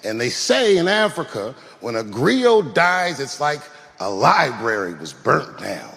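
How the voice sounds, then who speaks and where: A man's voice: fairly high pitch, vocal fry, a bit bright. A man giving a heartfelt tribute speech, speaking earnestly and directly to his mother. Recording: reverberant hall.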